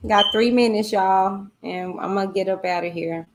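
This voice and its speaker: A woman's voice: mid-range voice, fairly even intonation. A woman hosting a casual livestream, chatting with viewers and reading their comments aloud. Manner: chatty, drawn-out exclamations, talks to viewers as "y'all" and "child". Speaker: livestream host.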